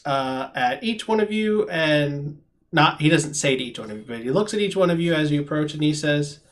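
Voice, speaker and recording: A man acting as game master, narrating a tabletop game over voice chat with frequent ums and restarts. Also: a little high.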